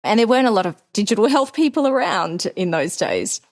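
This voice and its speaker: A woman in her forties with an Australian accent, co-hosting a podcast and telling a story in lively casual chat, acting out the voices she quotes. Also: mid-range voice, a little fast. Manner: animated, acts out quoted voices. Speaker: podcast co-host.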